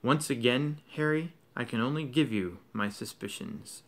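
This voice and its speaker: A man reading aloud, voicing a calm, wise old male headmaster in a soft, slow, measured way. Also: medium pitch, natural voice. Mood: grave.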